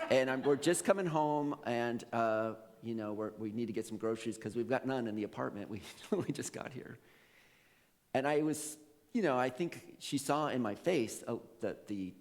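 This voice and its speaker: Animated storytelling male pastor, gravelly. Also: medium pitch, big-room sound. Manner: animated storytelling with laughs and acted quotes. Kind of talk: sermon. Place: church sanctuary.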